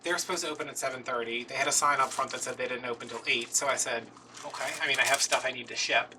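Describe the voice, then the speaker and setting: A man's voice: mid-range voice, fairly even intonation, racing. A man chatting casually as a craft video host, telling a rambling, self-deprecating story about his day. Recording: distant mic with faint noise.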